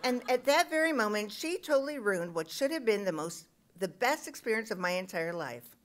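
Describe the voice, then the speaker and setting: A woman's voice: mid-range voice, sing-song, normal speed. A middle-aged woman reading her own comic personal essay aloud at a live show, self-mocking with punchy timing.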